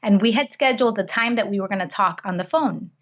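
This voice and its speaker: A woman's voice: medium pitch, fast talker, fairly bright tone. A woman speaking as a podcast guest, telling personal stories in an earnest, heartfelt way with frequent restarts. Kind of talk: conversational storytelling. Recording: slightly dull lo-fi recording.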